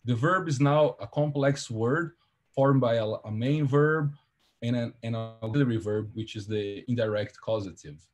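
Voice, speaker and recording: Husky-voiced man giving a halting seminar talk. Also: mid-range voice. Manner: careful, halting explanation with frequent fillers and self-corrections. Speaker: seminar presenter.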